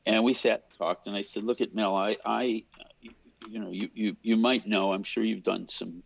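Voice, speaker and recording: Gravelly older man telling stories. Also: low-pitched, no room sound. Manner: animated storyteller, imitates voices in quotes. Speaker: cinematographer guest. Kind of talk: storytelling in an interview. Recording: dull lo-fi sound.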